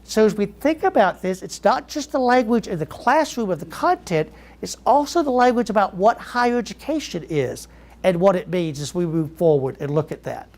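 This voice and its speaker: A middle-aged man from Southeast Georgia with a Georgia accent, giving a keynote speech to educators and telling lively stories that draw in the audience. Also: high voice, moderate pace. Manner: lively storyteller who quizzes the audience. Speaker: keynote speaker.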